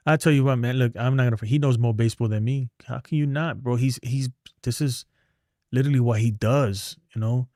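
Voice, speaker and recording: A man's voice: mid-range voice, a little fast, darkish tone, no room sound, studio quality. A middle-aged man, ranting bluntly and rambling in a casual livestream, trailing off into mumbles. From New York. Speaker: sports streamer.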